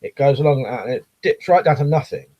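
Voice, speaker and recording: A man's voice: mid-range voice, lively intonation, quick pace, dry recording, highs cut off. A man chatting casually on a live stream, rambling with lots of ums and restarts and reading viewer comments aloud.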